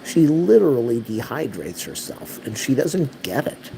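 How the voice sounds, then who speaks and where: A man's voice: mid-range voice, sing-song, measured pace, creaky, background noise. A man telling an exasperated, repetitive story to his viewers in a casual rant. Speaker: vlogger.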